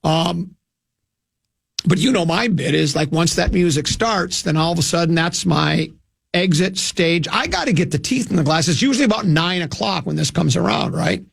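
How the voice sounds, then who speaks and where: A man's voice: on the high side, expressive, moderate pace, vocal fry, a bit bright, husky, no room sound, clean studio sound. An older man from hosting a radio show, telling a rambling, self-mocking anecdote with many restarts. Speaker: radio host.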